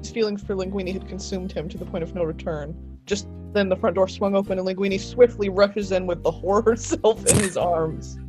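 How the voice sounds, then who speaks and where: A woman's voice: medium pitch, fairly even intonation, fairly quick, few pauses, mellow, faint music behind. A woman guest chatting casually and reading a fan fiction aloud with mock intensity, laughing often.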